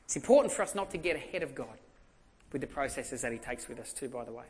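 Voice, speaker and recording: An Australian pastor preaches a sermon in a fast, lively voice of medium pitch. He tells stories conversationally and keeps repeating emphatic phrases.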